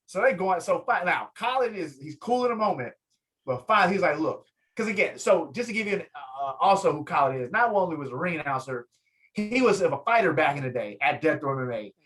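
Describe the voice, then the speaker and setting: A man talks as a guest on a casual interview show, with a voice set a little high for a man. He tells a story with lively energy, acting out the people in it. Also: fairly quick, poor audio. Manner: lively, acts out quotes, swings pitch up in excitement. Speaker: guest, photographer and fighter.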